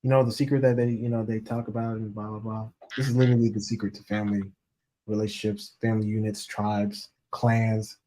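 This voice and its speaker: A man's voice: fairly low pitch, brisk, a little hiss or hum. A man giving a casual motivational talk as a relationship coach, talking straight to his audience and acting out the voices of people he quotes. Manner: animated, acts out quoted voices, addresses audience as y'all.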